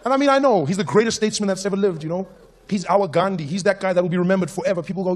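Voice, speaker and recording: A South African man doing stand-up comedy, telling stories in an animated, playful way. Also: high-pitched, rapid-fire.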